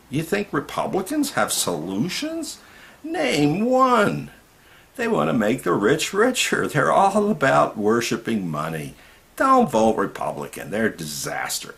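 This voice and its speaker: A man rants indignantly in a low, gravelly voice. His pitch swings widely as he climbs from grumbling lows into heated outbursts. He is delivering a political monologue straight to his viewers. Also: a bit bright. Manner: indignant and ranting, rising to outbursts. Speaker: video commentator.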